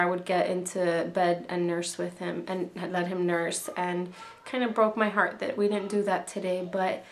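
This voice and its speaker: A young woman talking candidly in a casual video diary, a mother who sounds a little emotional. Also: mid-range voice. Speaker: vlogger, mother.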